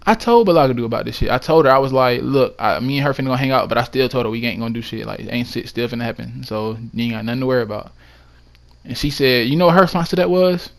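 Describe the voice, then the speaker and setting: A man vlogger telling a personal story in a casual monologue, emphatic and excitable, with frequent swearing. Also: mid-range voice.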